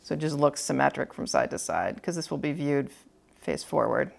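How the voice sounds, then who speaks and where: Calm woman demonstrating cookie decorating. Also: deep voice, brisk, creaky. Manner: calm, explanatory, thinking aloud while working. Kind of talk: step-by-step demonstration.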